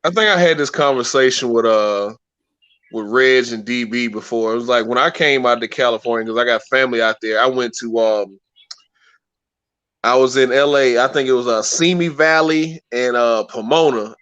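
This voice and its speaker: A man co-hosting a casual podcast, telling stories with animated imitations of his own past reactions. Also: mid-range voice, moderate pace, clear, resonant tone, no room sound, lo-fi sound. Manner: animated storytelling with loud imitations of himself. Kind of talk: casual live-stream chat.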